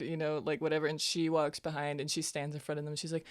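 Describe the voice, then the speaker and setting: A woman playing a tabletop game who describes her character's actions in a relaxed way. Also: sits low, fairly quick, hardly any pauses, clear, resonant tone, no echo, clean studio sound. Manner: relaxed, brief acknowledgements. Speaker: player.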